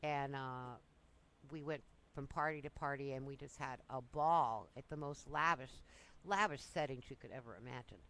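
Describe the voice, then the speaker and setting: A woman's voice: a bass voice, normal speed, a bit bright, poor audio. A woman casually telling breezy, self-amused stories from her younger years. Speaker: storyteller. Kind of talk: casual personal storytelling.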